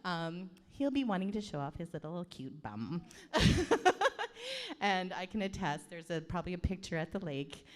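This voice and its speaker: A woman's voice: fairly low pitch, animated, brisk, hardly any pauses. A middle-aged woman, the groom's aunt, giving a playful teasing wedding speech into a handheld microphone. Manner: playful, teasing, laughing often. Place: wedding reception hall.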